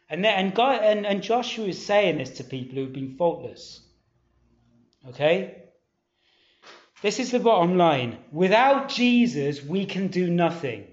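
A man's voice: high voice, lively intonation, a little slow, darkish tone. A man preaching a sermon. He talks in a casual, conversational way, asks the listeners questions, reads scripture aloud and presses his points with urgency. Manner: urgent exhortation. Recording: echoey hall, dull lo-fi sound.

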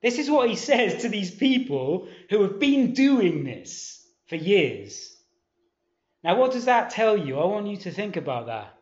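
Very animated and a little mellow, this man's high voice moves a touch slowly through his sermon. He talks conversationally, quizzes the audience, reads from scripture, and pushes his message with urgency, all captured as echoey, muffled lo-fi audio.

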